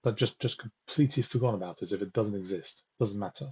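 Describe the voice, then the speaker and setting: Guy ranting live at his viewers, kinda husky, dull lo-fi stream sound. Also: on the low side, fast talker, darkish tone. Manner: ranting, exasperated, talks to viewers while reading results. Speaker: political livestream host. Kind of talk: live commentary on election results.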